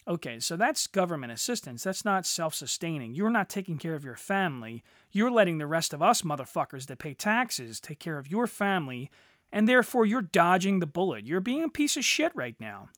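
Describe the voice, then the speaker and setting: A man's voice: fairly high pitch, sing-song, brisk, a bit bright, no room sound, clean studio sound. A middle-aged man hosting a solo podcast, ranting crudely and sarcastically with heavy swearing. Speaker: podcast host. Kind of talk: profane solo rant.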